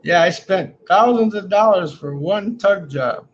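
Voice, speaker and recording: At a measured pace, a high-voiced man runs a casual livestream, joking loosely and reading out chat comments, many lines finishing with "man." Slight background noise sits under the dull, lo-fi audio.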